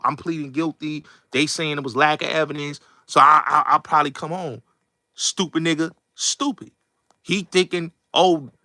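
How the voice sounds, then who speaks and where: A show host goes off in a blunt, streetwise rant, hammering the same points again and again. His voice sits slightly high and cuts through with a bright, forceful edge. The recording is dry and close, with no room sound. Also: no room sound. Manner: blunt, streetwise, repetitive and emphatic. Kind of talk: casual commentary rant.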